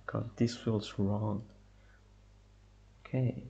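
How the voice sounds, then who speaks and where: A man's voice: lowish voice, fairly even intonation, measured pace, creaky, mellow. A young man giving a let's-play commentary on a horror game, muttering to himself and reacting nervously to scares. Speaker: gamer.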